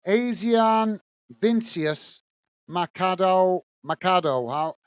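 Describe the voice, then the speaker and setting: Man, high and smooth, dry close mic, casual fan match commentary host. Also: lively intonation, takes it slowly, no echo. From England. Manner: casual, reads viewer messages between play-by-play. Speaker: watch-along host. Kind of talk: live fan commentary and chat reading.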